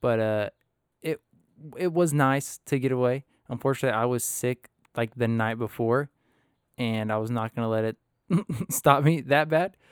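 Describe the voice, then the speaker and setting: A man's voice: mid-range voice, moderate pace, smooth, no echo, studio quality. A man hosting a casual podcast chat, telling stories with lots of laughter and loose, rambling asides. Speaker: podcast host.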